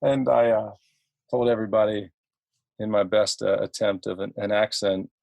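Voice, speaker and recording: A man's voice: fairly low pitch, flat delivery, creaky, a little mellow, no room sound. Chatty man, dry close sound. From Ohio, USA. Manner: halting, chatty storyteller with many fillers and laughs. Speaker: podcast guest, entrepreneur. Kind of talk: casual podcast chat.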